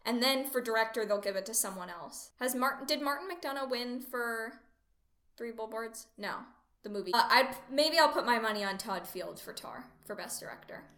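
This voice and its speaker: A woman's voice: on the high side, moderate pace, a bit bright, roomy sound. A woman co-hosting a podcast, chatting casually and with strong opinions about films, laughing often. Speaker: podcast co-host. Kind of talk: casual film chat.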